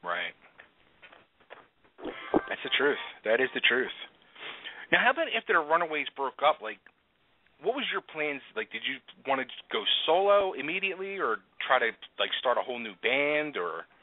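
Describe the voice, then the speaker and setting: A man's voice: mid-range voice, sing-song, fairly quick, a little hiss or hum. Chatty man hosting a radio interview. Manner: chatty, with filler words like "like". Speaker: radio show host. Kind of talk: casual interview. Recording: tinny phone line.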